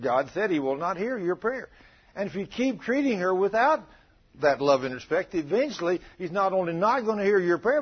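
A man preaching a sermon, telling folksy stories with a chuckle in a husky voice. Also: fairly high pitch, muffled recording.

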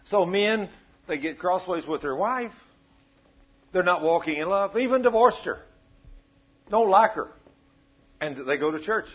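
A man preaching a sermon, telling stories in a folksy, animated way. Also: sits high, a little slow, pauses often, breathy edge. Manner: folksy, animated storytelling with acted quotes. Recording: dull lo-fi sound.

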